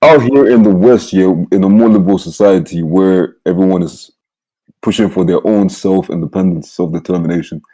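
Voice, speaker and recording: A man's voice: sits low, normal speed, warm tone, rough recording. A young man from Nigeria, hosting a podcast and talking earnestly, tagging his sentences with "yeah.". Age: young adult. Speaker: podcast host. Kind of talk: casual chat.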